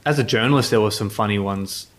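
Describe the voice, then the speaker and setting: A man's voice: on the low side, fast, background noise. A man, a journalist telling casual anecdotes in an interview, rambling with many restarts. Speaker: motorsport journalist.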